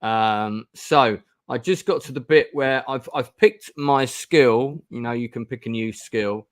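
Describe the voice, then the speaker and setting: In a studio-quality recording with no room sound, a middle-aged gamebook stream host talks casually in a mid-range voice, a little on the slow side. He meanders, filling his speech with ums and restarting sentences.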